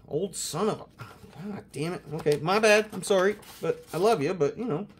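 A young man hosting a casual card-opening video, excitable and swearing constantly as he hypes each card. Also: high-pitched, normal speed, slight background noise. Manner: profane, excitable, hyped. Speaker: host opening sports cards.

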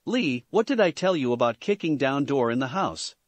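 A man's voice: medium pitch, big pitch swings, moderate pace, dry recording. A man voicing a sinister snake-like male scientist who chuckles creepily and speaks with menace. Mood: grumbling. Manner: menacing, amused.

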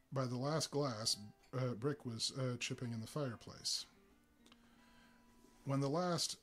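Brief: husky male storyteller at mid pitch, unhurried, with lots of "uh" fillers. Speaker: narrator. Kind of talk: live reading of a story.

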